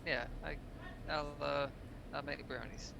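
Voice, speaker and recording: A man's voice: fairly high pitch, steady tone, unhurried, creaky, bright, forceful tone, slight background noise. A man playing in a tabletop game, talking in a laid-back, easygoing way in character. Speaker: player. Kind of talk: casual role-play banter.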